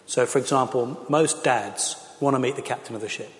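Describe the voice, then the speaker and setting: Middle-aged pastor, earnest, lots of ums, long reverb from the hall. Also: male voice, medium pitch, a little fast. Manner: earnest, passionate, with frequent fillers. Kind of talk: talk and Q&A to a church audience. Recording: echoey hall.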